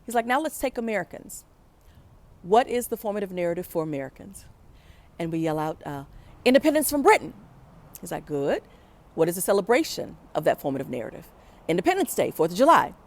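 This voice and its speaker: A young woman recounts a personal story in a reflective, conversational voice that sits slightly low. She slips into the voices of the people she quotes now and then.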